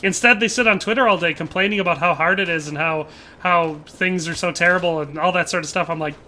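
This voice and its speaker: Male game streamer, high bright voice, rambling casual chat with viewers, desktop mic. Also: brisk, slight background noise. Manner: rambling, animated, laughs often, trails off and restarts. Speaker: gaming livestream host.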